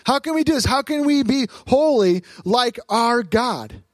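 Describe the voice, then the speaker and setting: A man, a pastor, preaching a lively sermon at a church service, asking the crowd questions and acting out voices. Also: very high-pitched, measured pace, no room sound.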